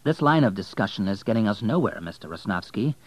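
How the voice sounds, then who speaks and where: A man reading an audiobook, voicing a young male banker with a measured, formal, controlled delivery. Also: on the low side, sing-song, dry recording, poor audio.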